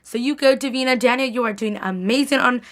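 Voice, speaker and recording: A woman's voice: fairly high pitch, brisk. A young woman recapping a TV episode in a casual vlog, gushing like a fan and saying "like" often. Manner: gushing fangirl chatter, lots of "like". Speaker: TV recap vlogger.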